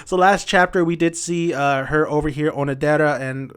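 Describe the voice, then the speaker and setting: A man's voice: a little high, moderate pace, fairly bright tone, clean tone. A man hosting a casual review chat, retelling events energetically with loose fillers and restarts. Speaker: manga reviewer.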